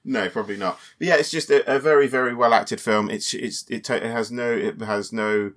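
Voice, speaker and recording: A man's voice: mid-range voice, fairly quick, fairly bright tone. A man co-hosting a podcast, enthusing about a film in a loose, rambling way with many restarts. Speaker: podcast co-host reviewing films. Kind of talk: casual conversational review.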